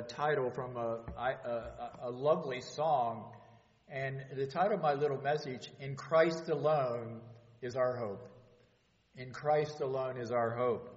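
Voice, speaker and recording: A man preaching a sermon earnestly, stumbling now and then with fillers and restarts. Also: on the high side. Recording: echoey hall, dull lo-fi sound.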